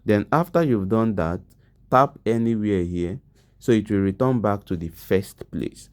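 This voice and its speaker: Deep-voiced man teaching. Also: lively intonation, a little slow, darkish tone. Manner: explains step by step, asks viewers questions often. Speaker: tutorial host. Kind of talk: screen-recorded tutorial walkthrough.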